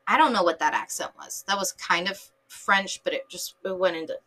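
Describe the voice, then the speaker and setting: A woman's voice: medium pitch, a little fast, sharp tone, rough recording. Tired, rambling woman podcast host. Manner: rambling, filler-heavy, enthusiastic fan talk. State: tired, late at night. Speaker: podcast host reviewing a TV episode. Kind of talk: casual chat.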